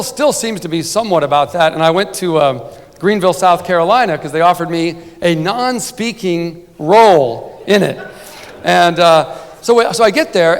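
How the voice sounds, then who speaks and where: A man giving a humorous award speech as a sportswriter, telling a rambling comic story full of "right?" asides at a banquet podium. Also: high-pitched. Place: banquet hall. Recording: long banquet-hall reverb.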